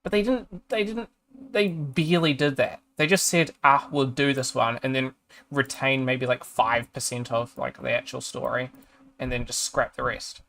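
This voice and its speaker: The recording carries a little hiss or hum as a man with a creaky, slightly bright mid-range voice speaks at normal speed. He's a streamer reading a review aloud in casual chat, exasperated and swearing, and he trails off mid-sentence.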